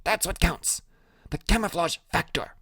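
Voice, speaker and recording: A man doing a high, bossy little genius boy. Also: moderate pace, a bit bright, breathy edge, no echo, studio quality. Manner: commanding, grandiose orders. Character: small bossy genius boy playing commander. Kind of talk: audiobook character voice.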